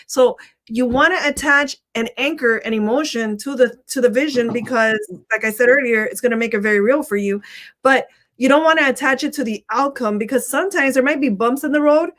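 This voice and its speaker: A woman's voice: high voice, brisk, a bit bright. Emphatic woman giving motivational talk. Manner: emphatic, repeats key phrases. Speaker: motivational live-stream host.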